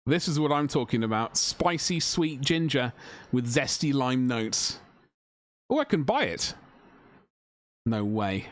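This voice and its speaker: A man's voice: mid-range voice, sing-song, a little slow, dry recording, clean studio sound. A man chatting casually to a live-stream audience while painting miniatures, joking with mock outrage.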